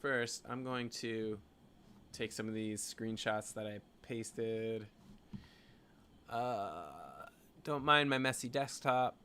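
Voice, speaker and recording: A lowish, sharp, clean voice belongs to a Canadian graphic designer who speaks slowly while talking through his work. In this casual screen-share design vlog he thinks aloud, rambling with lots of "like" and "you know."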